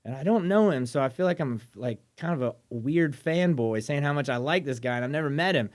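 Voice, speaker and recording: An eager, excitable man from southern Mississippi hosts a casual podcast chat. His voice sits at an ordinary middle pitch, and he trips over his own restarts as he rushes through his thoughts. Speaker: podcast host.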